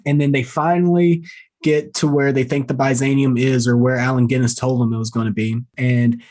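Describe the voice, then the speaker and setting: A man's voice: medium pitch, flat delivery, a little fast, a little mellow. A man co-hosting a podcast, recapping a film in casual chat, joking and swearing with frequent laughs. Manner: laughing, mocking, profane asides. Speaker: podcast co-host. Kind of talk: casual movie-review chat.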